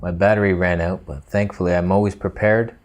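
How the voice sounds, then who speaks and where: A man's voice: sits low, steady tone, a little fast, soft background music. A man hosting a comedic roast monologue, sarcastic and mocking, slipping into mock impressions. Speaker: YouTube host.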